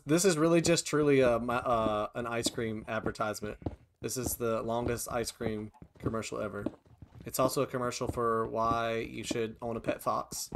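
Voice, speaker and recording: A man hosting a video game let's play, chatting casually and often bursting into high-pitched shouts and laughter. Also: noisy background. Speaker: gaming channel host.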